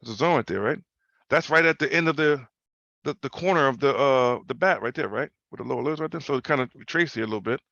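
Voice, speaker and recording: Gravelly man on a muffled video call. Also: mid-range voice, fast, a bit bright, dry recording. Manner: loose, slangy, repeats himself, many tag questions. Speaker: host. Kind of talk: casual screen-share trading talk.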